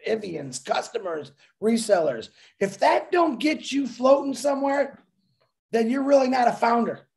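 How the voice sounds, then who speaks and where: An excitable man rambling through a pep talk as a webinar co-presenter over a video call, laughing while he talks. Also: very high voice, unhurried, gravelly.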